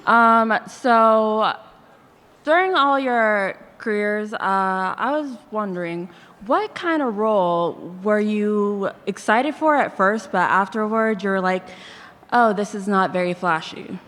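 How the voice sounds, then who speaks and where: A woman in the audience asking the panel a question, hesitant and halting. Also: mid-range voice, a bit bright. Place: convention panel hall. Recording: reverberant convention hall.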